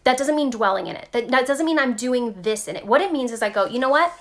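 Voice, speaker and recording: A woman with a slightly high voice gives an informal spiritual talk straight to her viewers. Her delivery is lively and chatty, full of "like" and "okay". She sounds like a vlogger thinking out loud. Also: fast. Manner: animated, chatty, peppered with "like" and "okay".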